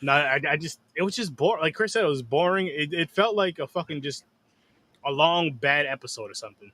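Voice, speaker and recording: A man's voice: on the high side, expressive, a little fast, pushed and bright. A man hosting a casual horror movie review show, rambling with restarts and swearing. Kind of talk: casual chat.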